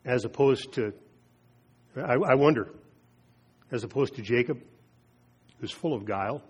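A man preaching a sermon, retelling scripture with slow, emphatic pauses and drops in his voice. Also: mid-range voice, darkish tone, slightly rough, dull audio. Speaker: pastor.

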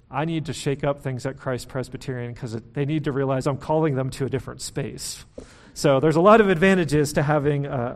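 A man preaching a sermon as pastor, talking in a relaxed, conversational way with fillers, restarts and a self-deprecating humor. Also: mid-range voice, creaky.

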